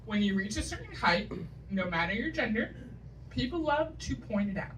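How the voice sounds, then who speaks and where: A woman's voice: mid-range voice, expressive, normal speed, noisy background. A woman doing a stand-up comedy set, telling wry, self-deprecating stories with punchy asides, from New England. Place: comedy stage before a live audience. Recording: live stage recording, mic from a distance, loud audience.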